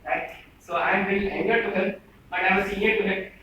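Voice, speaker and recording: A man's voice: sits high, fairly even intonation, brisk, noisy background. A twenty-one-year-old man from Bangalore with an Indian English accent, giving a joking, informal speech to friends and tagging his sentences with "right?". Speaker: speaker addressing friends. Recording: echoey room, voice from far off.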